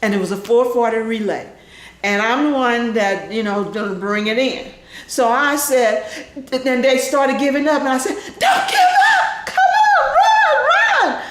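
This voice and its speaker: An older woman animatedly telling a family story in an interview, laughing often and acting out the voices of people in it. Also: moderate pace. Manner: lively, laughing, acts out voices in high shouts. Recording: echoey room with faint noise.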